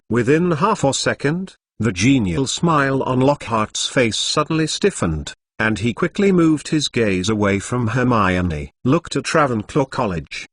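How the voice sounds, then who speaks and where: A man's synthetic-sounding voice narrating a story in a flat, even manner, reading punctuation aloud, close to the mic. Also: mid-range voice, no room sound. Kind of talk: audiobook narration of fan fiction.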